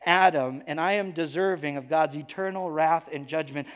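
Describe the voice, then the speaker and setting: A male pastor preaching a sermon, emphatic, swinging between hushed lows and raised declarations. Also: normal speed, few pauses, smooth, long reverb tail, muffled recording.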